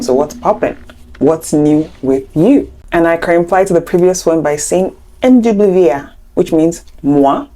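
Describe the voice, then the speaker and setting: A woman's voice: low-pitched, dark tone. A young woman teaching an online language lesson, explaining step by step in a chatty way with playful asides. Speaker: French teacher.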